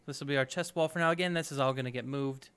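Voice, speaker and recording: A man's voice: mid-range voice, rapid-fire, fairly bright tone, clean tone. A man hosting a let's play, giving upbeat, chatty gameplay commentary and thinking aloud as he goes.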